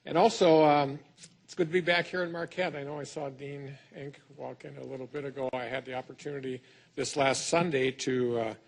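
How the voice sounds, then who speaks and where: Brisk and creaky, with fairly even intonation in a mid-range voice, a middle-aged state schools superintendent from Wisconsin speaks with a Wisconsin accent. His folksy, self-deprecating conference speech in a lecture hall is full of fillers and restarts.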